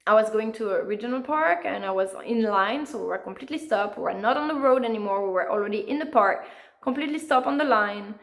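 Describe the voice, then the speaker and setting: A woman's voice: mid-range voice, fast talker. A woman, an author being interviewed, talking earnestly in a conversational way with frequent fillers. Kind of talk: conversational storytelling.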